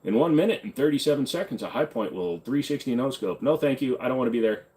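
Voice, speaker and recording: A man's voice: medium pitch, expressive, fast, darkish tone. A man hosting a live stream, answering chat questions in a blunt, offhand, casual way. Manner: blunt, offhand, hums and sings snippets between questions.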